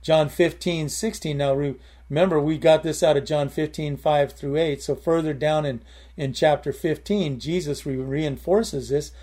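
A man's voice: a little high, fairly even intonation, moderate pace, warm tone. A man preaching a sermon in a conversational way, repeating key phrases and breaking into short prayers. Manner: conversational, with prayers and emphatic repetition.

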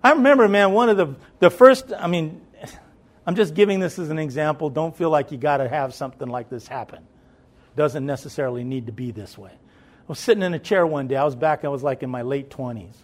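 A man's voice: fairly high pitch, brisk. A middle-aged man preaching a sermon in an emphatic, repetitive, conversational way.

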